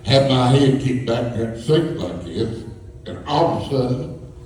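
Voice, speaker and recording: A man's voice: mid-range voice, animated, unhurried, darkish tone. Folksy guy telling stories live, chuckling, super echoey school hall, far from the mic. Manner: folksy, rambling, chuckling through the tale. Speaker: storyteller. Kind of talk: live storytelling to an audience.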